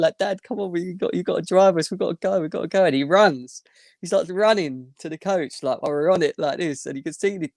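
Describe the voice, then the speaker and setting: A young man, animated and rambling as he tells a story as a podcast guest. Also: mid-range voice, dry recording, clean studio sound. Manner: animated, rambling anecdote with restarts. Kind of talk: casual storytelling.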